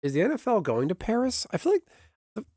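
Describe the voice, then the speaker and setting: A man's voice: high-pitched, wildly swooping pitch, fast, mellow, no room sound, clean studio sound. A man streaming and chatting casually with viewers in a rambling way, often laughing. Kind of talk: casual livestream chat.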